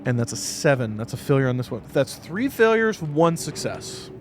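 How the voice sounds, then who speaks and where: A man's voice: mid-range voice, sing-song, normal speed, soft background music. A man running a tabletop game as game master, narrating in a casual way with laughs and acted screams.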